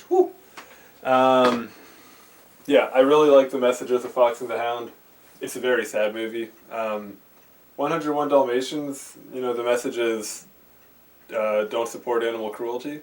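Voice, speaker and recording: A man's voice: medium pitch, a little slow, pauses often. A man vlogging about VHS movies, rambling with lots of fillers and restarts, recorded on a camcorder in his bedroom. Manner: rambling, filler-heavy, self-interrupting. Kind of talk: casual rambling movie talk. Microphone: handheld camcorder mic. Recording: faint hiss from a camcorder.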